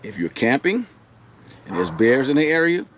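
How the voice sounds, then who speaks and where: A man, excitedly telling a camping story outdoors in a casual vlog. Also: mid-range voice, normal speed, a little hiss or hum. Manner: excited, animated retelling with frequent laughs. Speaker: vlogger. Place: outdoor campsite.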